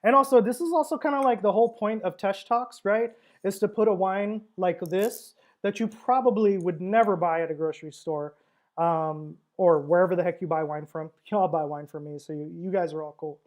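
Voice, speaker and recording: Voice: medium pitch, normal speed. A wine seller hosting a casual livestream tasting, talking in a chatty, rambling way with frequent fillers and laughs.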